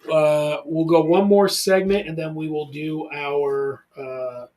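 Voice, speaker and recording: A man in his forties hosts a casual podcast chat from a studio, with a voice sitting a little higher than most men's. He tells stories with lots of energy and gets loud when he acts out what people said. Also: slow pace. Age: 40s. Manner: animated storyteller, loud when acting out quotes. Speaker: podcast host.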